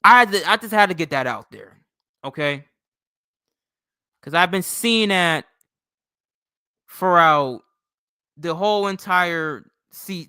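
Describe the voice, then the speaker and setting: A young man ranting on his own sports channel, heated and profane, tagging his points with "bro". His voice is bright and forceful, clean and crisp, and recorded dry, with no room sound around it. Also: on the high side, no room sound. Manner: heated, swearing, repeats "bro" and "okay". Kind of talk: casual profane sports rant.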